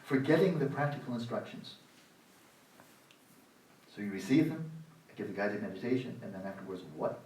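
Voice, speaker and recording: An older man teaching at a meditation retreat, his voice a touch low. He is sarcastic and animated and acts out his students' doubts in little voices. The sound is roomy and a bit distant, with faint hiss behind him. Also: moderate pace, long pauses. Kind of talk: dharma talk at a retreat. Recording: roomy hall, voice from the mic's distance.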